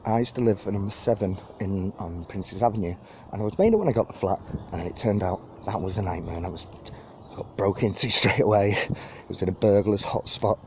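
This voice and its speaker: A man's voice: fairly low pitch, brisk, darkish tone. A man, rambling and self-deprecating as he gives a casual walking tour of a park, filmed on a handheld phone outdoors. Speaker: vlogger giving a walking tour. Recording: outdoor wind and birdsong noise.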